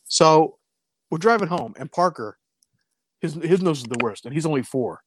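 A man with a fairly high voice that swings widely, chatting casually on a podcast. He tells his story loosely and with a lot of cursing, and acts out the lines people said. The sound is dry and close. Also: lively intonation, normal speed, husky, dry recording. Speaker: podcast co-host.

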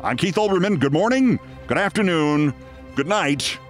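A middle-aged man with a New York accent hosting a podcast, telling a story with a wry, deadpan delivery and signing off the show. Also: on the high side, normal speed, loud music behind the voice. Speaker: podcast host. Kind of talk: storytelling monologue and show sign-off.

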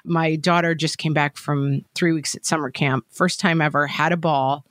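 A middle-aged woman chatting as a podcast guest, telling stories in an animated, self-mocking way. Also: low-pitched, moderate pace, no echo, clean studio sound. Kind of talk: casual chat.

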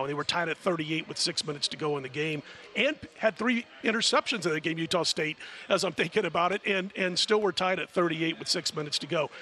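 A middle-aged man guesting on a sports betting radio show, rambling through stories in casual chat. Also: fairly high pitch. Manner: rambling storyteller, chatty and animated.

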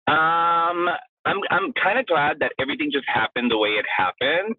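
A man with a husky, breathy voice tells a long story as a guest, his pitch sitting in the middle of the range for a man. He is animated, acts out each quote, and keeps tossing in "blah, blah, blah." The sound is dry and thin, like a phone line. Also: moderate pace, no echo. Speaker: guest, drag performer. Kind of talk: casual storytelling interview.

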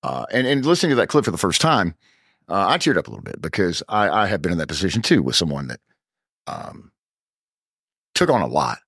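A man's voice: deep voice, big pitch swings, a little fast, vocal fry, pauses often, fairly bright tone, slightly rough, no echo, clean studio sound. A man hosting a podcast in casual chat, emotive and prone to stumbling repeats. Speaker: podcast host.

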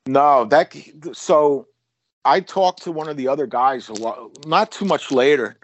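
A man's voice: mid-range voice, a little slow. A man, a former police officer, casually telling a long story with many restarts and acted-out quotes. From United States.

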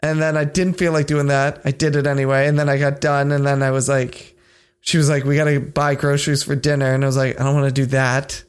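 A man's voice: mid-range voice, flat delivery, brisk, clear, resonant tone. A man co-hosting a casual podcast, tired and joking, swearing freely and teasing his partner. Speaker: podcast co-host. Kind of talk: casual banter.

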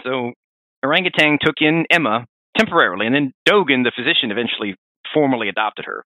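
A man hosting a podcast, telling game lore in a rambling, animated way with frequent restarts. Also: medium pitch, fast talker, no echo. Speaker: podcast host. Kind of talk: casual lore discussion. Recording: dry, phone-like narrow sound.

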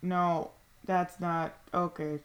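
A woman playing a tabletop game, who talks in flustered, quick objections. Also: lowish voice, level tone, highs cut off. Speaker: player.

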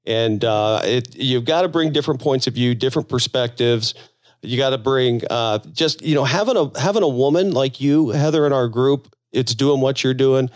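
A man's voice: medium pitch, moderate pace, dry recording, clean studio sound. Rambling earnest podcast co-host man. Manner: rambling, earnest, repeats words as he talks. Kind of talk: casual podcast chat.

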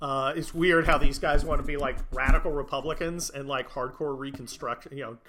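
A man's voice: mid-range voice, steady tone, a little fast, sharp tone, slight background noise. A man hosting a podcast, ranting sarcastically and profanely in a rambling way. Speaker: podcast host. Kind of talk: sarcastic political rant.

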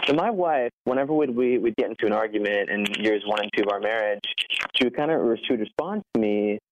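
Talking fast in an expressive, fairly low voice, an app founder guesting on a podcast chats through an interview with sincerity, scattering "like" throughout and laughing nervously. The sound is dull and muffled lo-fi, with background noise.

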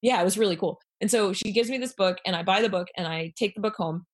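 Woman guest, casual storyteller, middle pitch, acts out the quotes, chatty. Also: fast. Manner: animated, acts out quoted lines, many fillers. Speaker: guest telling a personal story.

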